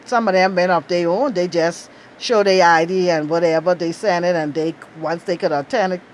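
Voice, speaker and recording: A middle-aged Bahamian woman with a Bahamian accent, telling a lively, outspoken story and laughing often. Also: normal speed, slight background noise. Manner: animated, outspoken, laughs often, acts out quotes in high bursts. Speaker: travel storyteller. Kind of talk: casual storytelling.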